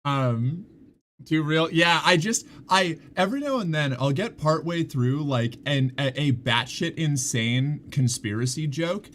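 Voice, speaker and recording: A man's voice: a little high, lively intonation, a little slow, fairly bright tone, a little hiss or hum. A man casually chatting on a live stream, rambling with many restarts and laughing at his own jokes. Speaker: streamer reading chat.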